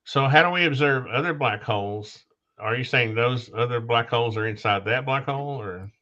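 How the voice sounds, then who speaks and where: Halting man with a bright, dull-sounding voice. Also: medium pitch. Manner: halting, loses his train of thought. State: coughing now and then. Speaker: podcast host. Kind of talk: casual conversation.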